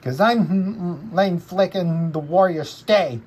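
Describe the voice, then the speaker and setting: Linus, a cross and stubborn young boy, as played by a woman in a homemade fan story. He scolds slowly and angrily with a husky edge, stopping often on hesitant "mm" sounds. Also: medium pitch, fairly even intonation, pitched above the performer's own voice, poor audio. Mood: angry. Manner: angry scolding with many hesitant mm fillers.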